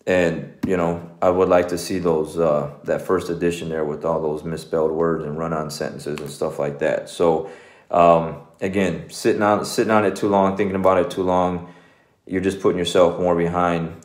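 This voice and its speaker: A man's voice: sits low, flat delivery, moderate pace. A man in his forties, a jiu-jitsu coach, giving a loose and conversational motivational talk with plenty of "man" and "you know.". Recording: echoey room.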